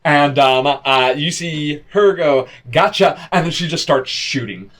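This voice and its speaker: A man narrating as game master, halting and restarting often, with sudden shouted character lines. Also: a little high, background noise.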